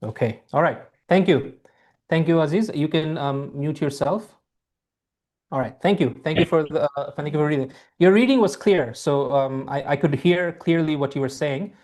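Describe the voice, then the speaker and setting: A man's voice: on the high side, a little mellow. Man teaching over a video call. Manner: measured, repeats phrases for emphasis, frequent ums. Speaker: IELTS teacher. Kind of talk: live online class.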